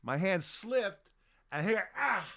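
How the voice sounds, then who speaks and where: A middle-aged man spins a casual, profane story on a podcast, acting out the shouts and quotes of the people in it. His voice sits fairly high for a man. The sound is dry, with no room echo. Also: big pitch swings, slow, creaky.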